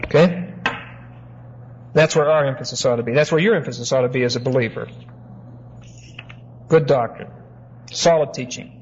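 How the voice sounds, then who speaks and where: A man preaching an expository sermon as pastor. He teaches in a measured way, asks rhetorical questions and stretches key words slowly. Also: medium pitch, a little mellow. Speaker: pastor teaching a Bible study. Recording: muffled lo-fi recording with faint hiss.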